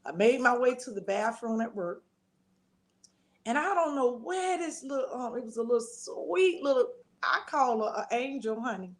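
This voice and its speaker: A middle-aged woman, telling a personal testimony as an interview guest, expressive and acting out the voices she quotes. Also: on the high side, unhurried, pauses often. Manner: expressive storytelling, acts out quoted voices, churchy endearments.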